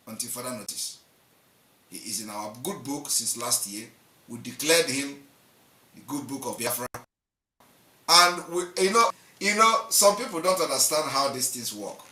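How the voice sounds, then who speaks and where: Man, live show host, emphatic and repetitive, bright voice, echoey room. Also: mid-range voice, distant mic. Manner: emphatic, repetitive, swings between loud and soft. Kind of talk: impassioned live commentary.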